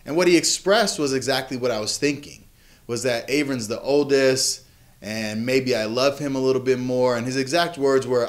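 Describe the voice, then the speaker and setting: A man in his thirties talks earnestly about a family moment, his voice sitting at an ordinary middle pitch. He speaks candidly and reflectively, like a father speaking straight to his viewers. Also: normal speed. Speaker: vlog host, father. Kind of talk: reflective personal story to camera.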